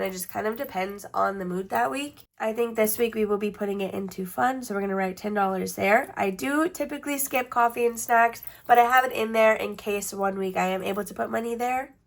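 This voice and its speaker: A woman with a medium-pitched voice and a congested, stuffy nose hosts a budgeting vlog. She talks casually and chattily, often restarting her sentences.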